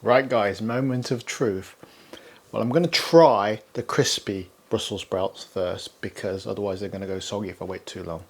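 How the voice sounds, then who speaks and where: A man's voice: lowish voice, moderate pace, breathy edge. A man hosting a casual cooking demonstration in a kitchen, chatty and upbeat, with easy laughter. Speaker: cooking show host.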